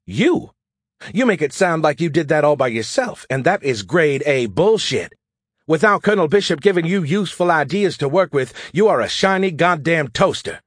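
Audiobook: hard-nosed woman sergeant, loud and scolding, pitched up by a male reader. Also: very animated, normal speed, no room sound, clean studio sound. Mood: furious. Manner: forceful, scolding, profane. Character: tough, blunt female Marine sergeant.

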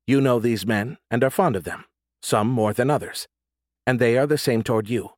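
A man voicing a calm, measured female artificial intelligence in an audiobook. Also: mid-range voice, no room sound, clean studio sound, lightly acted. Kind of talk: audiobook character voice.

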